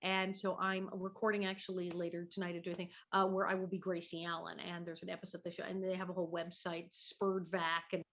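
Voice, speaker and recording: A woman's voice: on the low side, completely flat delivery, fast, few pauses, fairly bright tone. Woman comedian rambling cheerfully from her living room, muffled call audio. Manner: chatty, self-mocking, restarts often. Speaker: guest, actor and comedian. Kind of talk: casual video chat.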